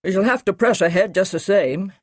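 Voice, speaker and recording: A woman's voice: medium pitch, brisk, dry recording, studio quality, voice pushed up, lightly acted. A woman reading an audiobook, voicing a stern male army brigadier who talks in a firm, clipped, commanding way.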